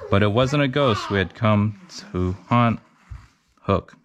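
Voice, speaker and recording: A man's voice: lowish voice, slow pace, crowd noise. A man reading a children's storybook aloud to children, now and then stumbling over a word.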